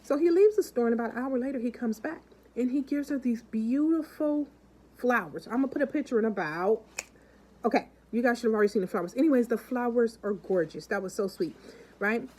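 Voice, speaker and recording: Chatting casually with her viewers, a woman vlogger tells stories and acts out the people in them, constantly calling out to her audience. Her voice sits a little high, with a darkish tone, and she's expressive and brisk. The recording quality is low.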